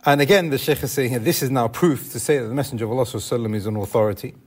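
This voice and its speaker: A man's voice: mid-range voice, very fast, husky. A man teaching a classroom lesson on Islamic law, explaining step by step and asking the class questions.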